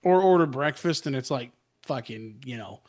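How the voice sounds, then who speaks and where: A man's voice: medium pitch, lively intonation, moderate pace, darkish tone. A middle-aged man co-hosting a podcast, complaining sarcastically with lots of profanity. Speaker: podcast co-host. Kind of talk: casual chat.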